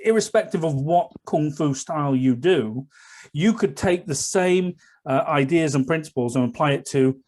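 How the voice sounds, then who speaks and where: A man's voice: on the high side, moderate pace, a little mellow. A man co-hosting a casual podcast chat about martial arts, teasing his partner and rambling with many fillers. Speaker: podcast co-host.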